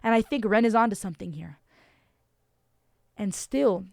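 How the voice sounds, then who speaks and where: A woman's voice: medium pitch, animated, moderate pace, gravelly, long pauses, darkish tone, dry recording, studio quality. A woman giving casual, effusive reaction commentary as a vlogger, emphatic and full of restarts.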